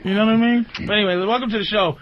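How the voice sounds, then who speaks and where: A man hosting a call-in radio show, ranting comically and profanely, jumping into high squeaky outbursts and laughing often. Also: fairly even intonation, very fast, background noise. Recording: dull lo-fi radio broadcast.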